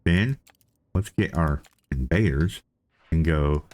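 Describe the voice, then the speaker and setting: A man's voice: extremely low pitch, slow, a little mellow. A man giving casual, chatty commentary as he plays a game, thinking aloud and repeating himself. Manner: playful self-talk. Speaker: let's play host.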